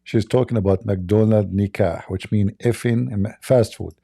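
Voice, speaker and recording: A man's voice: on the low side, fairly even intonation, normal speed, vocal fry, warm tone, slightly rough, no echo, clean studio sound. A man hosting a livestream, giving sarcastic, joking commentary on a video clip and laughing often. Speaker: livestream host.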